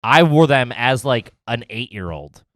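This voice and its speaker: A man's voice: mid-range voice, expressive, measured pace, no room sound, clean studio sound. A man in his thirties hosting a podcast, rambling through casual chat with lots of fillers and laughs. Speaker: podcast host.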